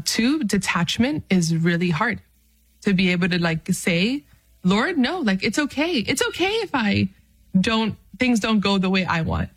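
Woman, mid-pitched, upbeat faith talk to camera, frank and self-mocking. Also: poor audio. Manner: lively, self-deprecating, with laughs and fillers.

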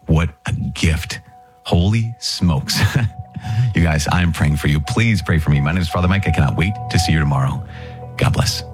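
A man's voice: a bass voice, normal speed, music in the background. A man, a Catholic priest, giving an earnest, plain-spoken podcast reflection with sudden exclamations.

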